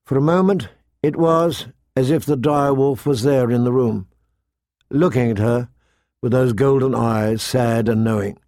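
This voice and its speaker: Reading an audiobook aloud, a man with a mid-range voice keeps a measured, expressive narrative manner. There's no room sound, and the audio is of studio quality.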